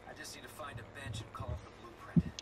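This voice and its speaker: An actor playing a steady male soldier in a video game, speaking in a brisk, matter-of-fact way. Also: medium pitch, natural voice. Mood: determined. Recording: distant, echoey, noisy game audio.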